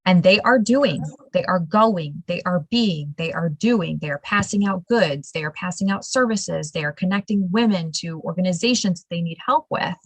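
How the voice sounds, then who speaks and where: A woman hosting a casual interview, telling stories in an animated, emphatic way and laughing now and then. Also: lowish voice, normal speed, hardly any pauses, dry recording, low-quality recording. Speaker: show host.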